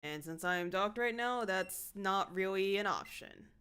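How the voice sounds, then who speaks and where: A woman streaming a video game, chatting casually with her viewers and breaking into sudden excited squeals. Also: medium pitch, a little slow, smooth. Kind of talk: casual gameplay commentary.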